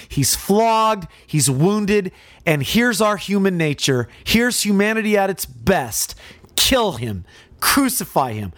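A man's voice: a little high, no room sound. A male preacher giving a dramatic sermon, asking rhetorical questions and speaking directly to his listeners.

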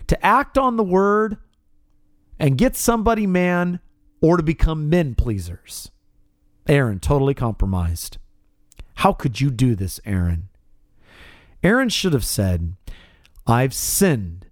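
A man's voice: darkish tone, no room sound. Male radio preacher, emphatic, swooping delivery, dead-dry studio sound. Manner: emphatic, rising pitch on key words. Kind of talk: radio sermon.

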